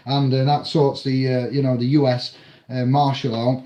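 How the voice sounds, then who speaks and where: A man casually recapping a film in a rambling, halting way, with many fillers and restarts. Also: medium pitch, level tone, warm tone. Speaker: film reviewer. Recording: dull lo-fi audio in an echoey room.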